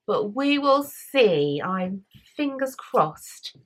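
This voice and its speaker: An English woman hosting a knitting podcast, chatting casually to a camera at home and often trailing off into soft near-whispers. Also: mid-range voice, expressive, slow pace, breathy edge. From England. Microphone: camera mic.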